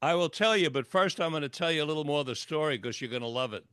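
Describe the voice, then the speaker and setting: An older man tells a long personal story as a radio guest, throwing himself into each quoted line. His voice sits a little high for a man. The sound is dry and close, with no room around it. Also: animated, fast talker, a bit bright, clean tone, dry recording. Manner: vivid storyteller acting out dialogue. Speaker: guest, clinical psychologist and author. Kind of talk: storytelling interview. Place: radio interview.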